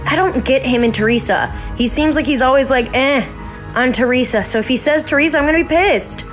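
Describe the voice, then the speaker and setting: A woman co-hosting a podcast, giving blunt, excitable casual commentary with plenty of swearing as she watches a TV show. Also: sits high, brisk, faint music behind. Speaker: podcast co-host.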